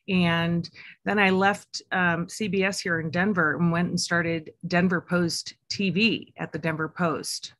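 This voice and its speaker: A woman with a slightly low voice presents to an audience as an executive coach. She speaks in a conversational, teacherly way and uses plenty of fillers. The sound is dry and close to the mic. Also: a bit bright, no room sound. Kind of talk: webinar presentation.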